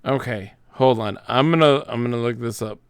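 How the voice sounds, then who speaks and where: A man's voice: medium pitch, normal speed, smooth, dry recording. A man chatting casually and joking while playing a game on a live stream. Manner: jokey, easily laughing, rambling. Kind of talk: casual joking chat during a gameplay stream.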